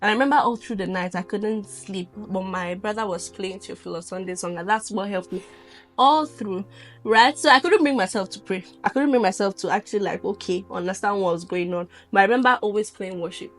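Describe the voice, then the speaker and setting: A woman's voice: mid-range voice, a little fast, faint music behind. A woman host with a Nigerian accent, telling personal stories in casual chat and acting out what people said. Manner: earnest storytelling with acted-out quotes.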